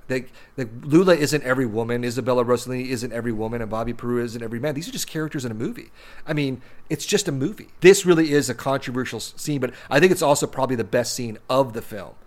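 A man co-hosting a casual film discussion, talking in long rambling runs with many restarts and repeated words. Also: medium pitch. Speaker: podcast co-host discussing films.

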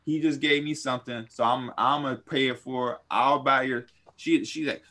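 A young man on a podcast, telling a story in casual chat, animated and profane. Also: moderate pace. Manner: animated, profane, swings high when quoting people. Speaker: podcast co-host.

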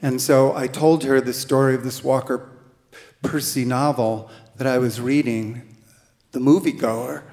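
Male storyteller, unhurried and halting, mid pitch, live stage echo. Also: darkish tone. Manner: halting, with restarts. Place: theater stage.

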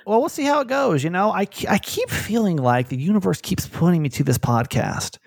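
Gravelly man rambling on a podcast. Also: high-pitched, fairly quick, no room sound, studio quality. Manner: rambling, self-deprecating, animated storytelling. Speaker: podcast host. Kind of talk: casual podcast chat.

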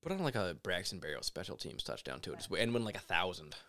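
Lowish-voiced man chatting sports opinions. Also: fast talker. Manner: animated, opinionated, mimics people in asides. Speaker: podcast co-host. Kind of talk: casual sports podcast chat.

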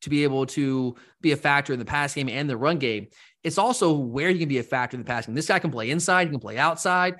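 A man co-hosting a sports podcast, talking fast and rambling, with lively asides. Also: fairly high pitch. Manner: animated, rambling, mimics fans in quotes. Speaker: podcast co-host. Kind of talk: casual sports talk.

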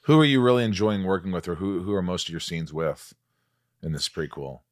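A man's voice: low voice, a little fast. A man interviewing a guest with friendly, teasing, casual questions.

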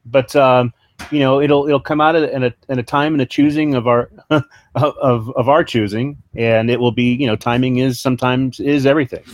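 A man talking politics as an interview guest, halting with many restarts and fillers, then hammering his points home with repetition. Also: medium pitch, steady tone, no room sound, low-quality recording. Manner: emphatic, repeats points. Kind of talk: casual political talk.

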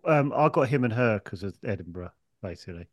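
A man's voice: on the low side, animated, a little fast, no room sound. Rambling man in a dry close mic. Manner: rambling, stop-start, jokey. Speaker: podcast co-host. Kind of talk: casual chat.

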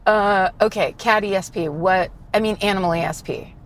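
A female podcast co-host chatting in a car, lively and quick to giggle. Her voice sits at a middle pitch for a woman. Faint noise hums behind her. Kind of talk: casual chat.

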